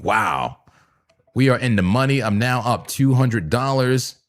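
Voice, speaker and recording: Hoarse excitable man live-trading on stream. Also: medium pitch, unhurried. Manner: excitable, laughs often, sudden shouts. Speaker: crypto trading livestream host. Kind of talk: casual live trading commentary.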